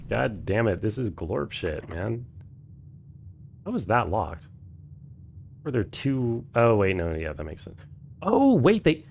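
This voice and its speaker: A man's voice: medium pitch, vocal fry, darkish tone, a little hiss or hum. A man streaming a game for the first time, thinking aloud, swearing freely and chatting with his viewers. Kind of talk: casual live-stream commentary.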